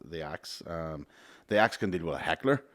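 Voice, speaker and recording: A man hosting a podcast in casual, rapid chat, swearing and laughing often. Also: low-pitched, expressive, fairly bright tone. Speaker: podcast host.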